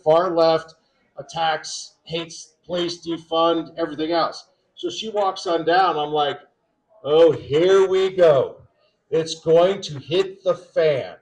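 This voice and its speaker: A man, a state representative on a panel, telling an animated anecdote full of quoted asides. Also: fairly high pitch, low-quality recording. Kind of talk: storytelling on a panel.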